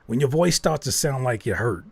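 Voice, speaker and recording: A man hosts a live music feedback stream, reviewing songs sent in by listeners with frank, joking critique and thinking aloud as he goes. His mid-range voice is animated, creaky and slightly rough at a moderate pace, with no room sound.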